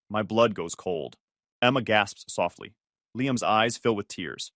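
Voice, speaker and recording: A man tells a first-person family story with tense, charged delivery. His pitch moves a lot, rising and falling through each sentence. The recording is close and dry. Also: expressive, moderate pace, fairly bright tone, dry recording. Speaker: narrator.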